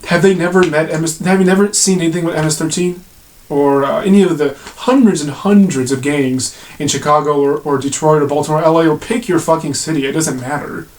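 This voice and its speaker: A man's voice: fairly high pitch, a little fast. A man giving blunt, sarcastic commentary to camera, swearing freely as he rants. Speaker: video commentator.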